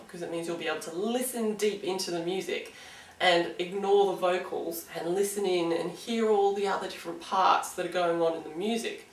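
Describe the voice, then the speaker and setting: A woman's voice: medium pitch, roomy sound, recorded from a distance, poor audio. An Australian woman giving a casual singing lesson, chatty and encouraging, with frequent "um"s. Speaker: singing teacher.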